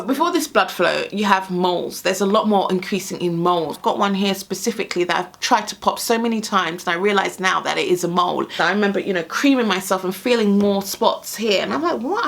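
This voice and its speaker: A woman talks casually to her camera as a pregnant vlogger. She is often a little out of breath and keeps the chat lively with frequent laughs. She plays out the voices of the people in her stories. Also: mid-range voice, creaky. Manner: animated storyteller, laughs often, acts out quoted voices. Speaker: vlogger sharing pregnancy experiences.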